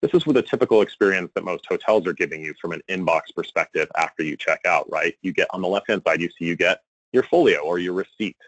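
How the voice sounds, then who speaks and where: A man giving a conference presentation, animated and exasperated, with a joking edge. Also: deep voice, fast, husky, no room sound, highs cut off. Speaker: conference speaker on email marketing.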